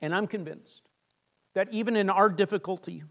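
A male pastor with a notably high voice delivers an earnest, conversational sermon. He stumbles through repeated restarts, then falls to a soft, hushed tone for the lines he wants to land. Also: normal speed, gravelly.

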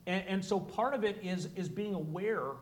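High-voiced man explaining to an audience. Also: normal speed, slight background noise. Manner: earnest, explanatory, acts out short dialogues. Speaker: presenter. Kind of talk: talk to a live audience. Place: room with an audience.

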